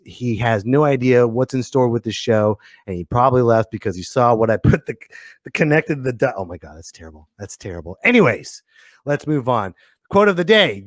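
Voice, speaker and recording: A man's voice: medium pitch, dry recording, studio quality. A man in his thirties hosting a podcast with a goofy, jokey, rambling delivery. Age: 30s. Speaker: podcast host. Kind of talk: casual comedic monologue.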